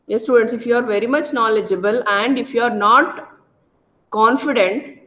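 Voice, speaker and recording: Loud Indian-accented woman lecturer. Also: fairly high pitch, normal speed. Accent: Indian English, Karnataka. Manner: loud, repetitive teaching style with tag questions. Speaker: college lecturer. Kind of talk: classroom lecture. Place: classroom.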